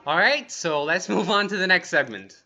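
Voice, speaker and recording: A young man teaching English phrases for feelings in an upbeat way, repeating each phrase slowly and acting the emotion out. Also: sits high, animated, vocal fry, pushed and bright, lo-fi sound. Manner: upbeat, acts out each feeling in slow demonstrations. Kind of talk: lively language lesson. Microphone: wearing earphones on camera.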